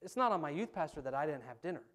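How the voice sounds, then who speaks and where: Animated storytelling preacher, a man. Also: fairly high pitch, very fast. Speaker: pastor. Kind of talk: sermon. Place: church sanctuary.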